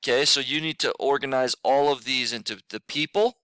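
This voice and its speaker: A man's voice: mid-range voice, fairly quick, pushed and bright, clear, resonant tone, dry recording. A male middle school teacher recording a casual, filler-heavy lesson for his students, tired in the morning. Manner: casual, repeats himself, many fillers. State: tired, yawning.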